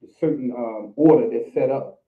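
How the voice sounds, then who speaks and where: A man in a Bible class giving halting answers full of fillers. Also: medium pitch. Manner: hesitant, halting, many fillers. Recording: distant, tinny, echoey room recording.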